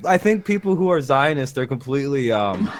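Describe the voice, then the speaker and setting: A man in casual banter on a podcast, opinionated and rambling, with halting restarts. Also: mid-range voice, very animated.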